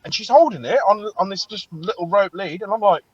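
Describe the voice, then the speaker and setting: A man's voice: high-pitched, a little fast, slightly rough, no room sound, highs cut off. A man co-hosting a casual podcast and telling stories animatedly, swearing a lot. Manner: animated storytelling, heavy swearing. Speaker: podcast co-host. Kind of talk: casual chat.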